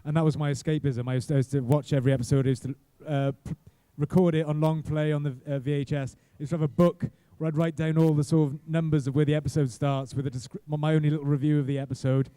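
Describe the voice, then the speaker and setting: Halting, rambling man telling stories. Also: on the high side, level tone, dark tone, smooth, dry recording. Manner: rambling, self-deprecating, halting restarts. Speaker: guest actor. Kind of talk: casual convention panel storytelling. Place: convention panel room.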